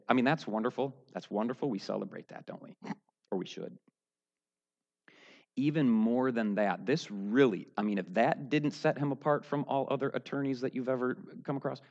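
A man preaching a sermon, going from low, quiet talk up to loud, shouted high points. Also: creaky, muffled recording. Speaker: pastor.

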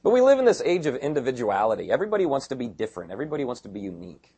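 Middle-aged male pastor, husky voice, lively swinging delivery, jokey and conversational, acts out quick asides. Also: mid-range voice. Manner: conversational, joking, mimics people in quick asides. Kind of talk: sermon.

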